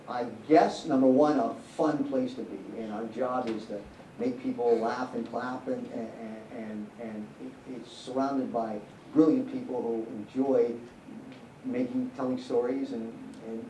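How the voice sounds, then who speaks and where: Man, mellow tone, rambling candid anecdotes, echoey hall, distant mic. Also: mid-range voice, slight background noise. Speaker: guest director answering audience questions. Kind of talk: live Q&A answers. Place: cinema hall with live audience.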